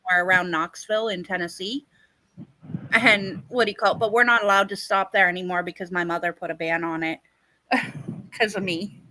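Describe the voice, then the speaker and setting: A woman with a Canadian accent, co-hosting a live stream and telling a rambling story, often pausing on "what do you call it". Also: fairly low pitch, fairly even intonation, sharp tone, no room sound, rough recording. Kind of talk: casual storytelling chat.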